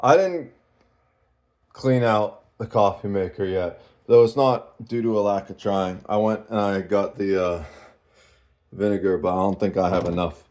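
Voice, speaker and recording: A sleep-deprived man in a casual vlog, talking in a halting, rambling way and short of breath. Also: fairly low pitch, darkish tone. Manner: rambling, halting, with fillers and laughs. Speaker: vlogger.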